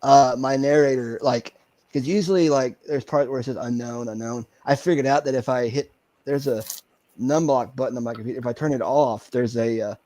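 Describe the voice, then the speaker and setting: A man speaks as a podcast guest in a mid-pitched voice. He talks haltingly and stops to search for words while he explains. The recording is dry, with no room sound. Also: mellow, no room sound. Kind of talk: casual chat.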